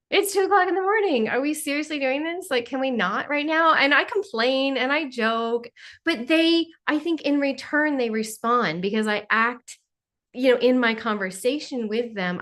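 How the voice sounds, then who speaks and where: A woman hosting a spiritual Q&A on a live video call, talking in a playful, joking way with sarcastic asides. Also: medium pitch. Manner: playful, jokey, sarcastic asides, mimics voices.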